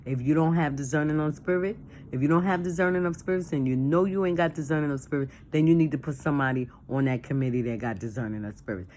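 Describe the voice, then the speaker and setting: A deep-voiced woman leading a church discussion talks quickly and casually, recorded with a little hiss or hum. She repeats herself to make her points and lively acts out phone calls and dialogue to explain things.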